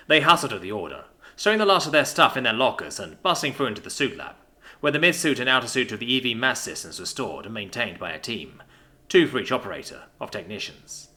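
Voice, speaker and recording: A man narrating a story aloud, voicing every character himself and shifting pitch for their lines. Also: sing-song, fast talker. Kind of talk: scripted narration. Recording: soft music behind.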